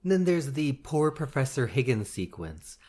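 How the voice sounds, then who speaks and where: A man's voice: medium pitch, very animated, moderate pace, a little mellow. A man co-hosting a podcast, talking through a movie in a casual, thoughtful and opinionated way, with plenty of "like" in his speech. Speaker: podcast co-host. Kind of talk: casual film discussion.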